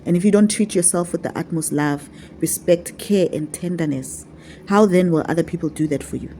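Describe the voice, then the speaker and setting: A woman with a fairly low, mellow voice teaches her online followers about spiritual practice. She talks in a casual, affectionate way and repeats her points to coax them along. A faint hiss of noise sits under her voice. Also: brisk. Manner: repetitive, coaxing, affectionate.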